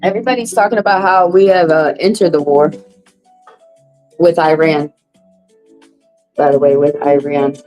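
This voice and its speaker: A woman reading cards on a home livestream, loose and profane. Her pitch sits in a middle range but leaps high when she reacts. Faint music plays behind her. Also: fairly even intonation, normal speed, long pauses, darkish tone, poor audio. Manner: loose, profane, chatty, talks straight to viewers. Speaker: livestream card reader. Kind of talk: casual livestream tarot reading.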